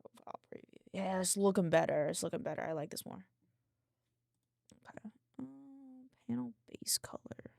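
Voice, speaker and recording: A young woman rambles and giggles through a casual live stream, greeting viewers and muttering to herself as she designs. Her voice swings widely in pitch and carries a gravelly fry. The sound is dry and close. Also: animated, moderate pace, pauses often, warm tone, dry recording. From English-speaking. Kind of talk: casual live-stream chat while working.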